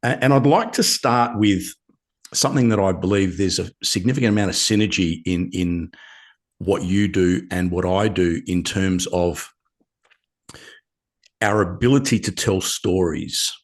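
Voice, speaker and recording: Deep-voiced male podcast host, halting. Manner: halting, many fillers. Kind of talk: casual interview chat.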